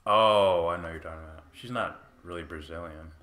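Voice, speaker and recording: Deep-voiced sarcastic male podcast co-host. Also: brisk, bright, forceful tone. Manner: sarcastic, mocking, laughs often. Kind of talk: casual comedic chat.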